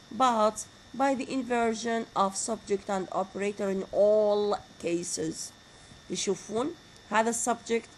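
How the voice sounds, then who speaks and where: A woman giving a grammar lecture, slowly repeating example sentences. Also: medium pitch, slight background noise, poor audio. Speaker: university lecturer.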